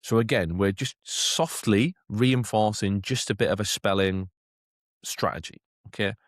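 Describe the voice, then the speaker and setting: A man with a low, deep voice walks teachers through a classroom routine in a relaxed, chatty way, often checking in with "okay?". Now and then he lifts into a bright voice, as if talking to a class of children. The recording is dry and close, with no room sound. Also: unhurried, no echo. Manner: chatty, keeps asking "okay?". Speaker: teacher trainer. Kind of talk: teacher training talk.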